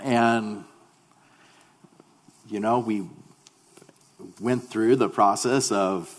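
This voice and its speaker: A man's voice: on the low side, steady tone, very slow, long reverb tail. A male pastor giving a sermon, telling a personal story in a humorous, conversational way.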